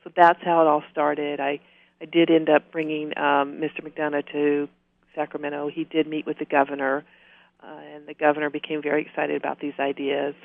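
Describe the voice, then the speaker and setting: A woman's voice: sits low, monotone, a little fast, gravelly, dry recording. A woman with a slight Southern US accent, a talkative and friendly radio interview guest. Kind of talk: conversational interview. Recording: dull, lo-fi, dry.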